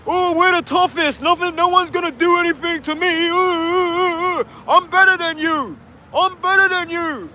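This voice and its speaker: Guy doing a shrill sneering entitled braggart, high squeaky whine, thin traffic hum way behind. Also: normal speed, bright, forceful tone, heavily acted. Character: whiny, entitled, boastful man. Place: outdoors in a city park.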